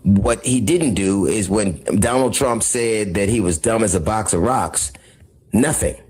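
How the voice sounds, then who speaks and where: Low-voiced man talking haltingly. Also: darkish tone, husky. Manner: halting, many fillers, repeats himself. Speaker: commentator in a played clip. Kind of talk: measured talk-show commentary.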